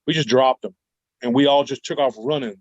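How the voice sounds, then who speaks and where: A man talks as a guest, telling his story in an animated, rambling way. His voice sits mid-range. The recording is dry and a little dull. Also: medium pitch, brisk, dry recording. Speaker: guest cryptid researcher. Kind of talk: storytelling interview.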